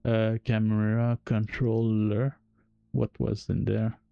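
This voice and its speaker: Slow, gravelly French-accented man. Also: fairly low pitch, flat delivery, warm tone, no echo, dull audio. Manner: halting, self-correcting, chuckling. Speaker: game developer streamer. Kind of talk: live-stream coding explanation.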